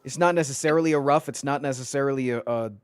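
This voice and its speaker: A man's voice: mid-range voice, fast talker, over music. A man from Virginia, a streamer on a call, talking casually and rambling, repeating words while he searches for them. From Virginia, United States.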